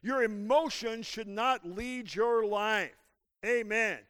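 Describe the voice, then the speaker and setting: A man's voice: sits high, takes it slowly, fairly bright tone, smooth, dry recording. A man preaching a sermon as pastor, calling out to the congregation and asking them to repeat after him. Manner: preaching with call-and-response to the congregation. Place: church.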